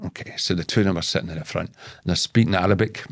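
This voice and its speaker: A man's voice: low voice, fast talker, vocal fry. A man with a Scottish accent, a guest telling a long story in casual talk, swearing freely and tripping over and repeating his words. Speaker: podcast guest.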